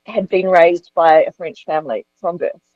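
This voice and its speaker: A woman's voice: lowish voice, moderate pace, no room sound, narrow, tinny audio. A woman actor telling frankly about her auditions in an interview. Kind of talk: candid interview storytelling.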